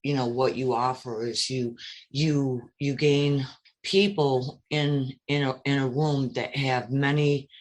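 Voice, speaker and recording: A man's voice: mid-range voice, little pitch movement, slow. A man taking part in a casual online roundtable, speaking reflectively and hesitantly, often searching for his words. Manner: reflective, hesitant, many fillers and restarts. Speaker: roundtable guest. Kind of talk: casual online group chat.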